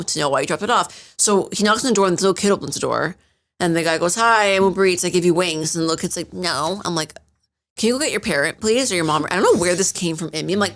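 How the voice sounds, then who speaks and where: A woman's voice: lowish voice, fairly bright tone. A young woman co-hosting a podcast, telling stories animatedly and acting out the dialogue. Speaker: podcast co-host. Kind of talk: casual storytelling chat.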